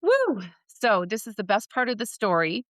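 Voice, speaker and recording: Animated woman telling her story. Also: mid-range voice, fairly quick, dry recording. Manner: animated storyteller who acts out quoted voices. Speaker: podcast guest, voice actor. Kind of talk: personal storytelling in conversation.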